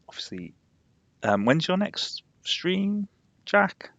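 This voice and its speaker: A man's voice: fairly low pitch, very animated, drawn-out words, creaky, fairly bright tone, no echo, highs cut off. A young man with a slightly posh Yorkshire accent, chatting rambly on a game live stream and laughing often. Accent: Yorkshire, somewhat posh. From England, Yorkshire. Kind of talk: casual live-stream chat.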